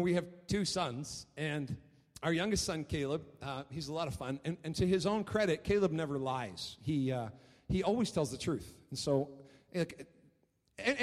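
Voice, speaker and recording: A man preaching a sermon as pastor, telling stories in an animated way and often repeating his words. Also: a little high, moderate pace. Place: church hall. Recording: long reverb of a church hall.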